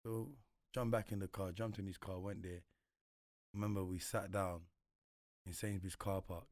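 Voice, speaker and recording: Young london guy, low voice, slangy storytelling, acts out what people said, dry mic. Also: moderate pace, dry recording. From Congo. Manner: London slang, animated retelling with voiced quotes. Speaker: guest. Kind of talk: casual storytelling interview.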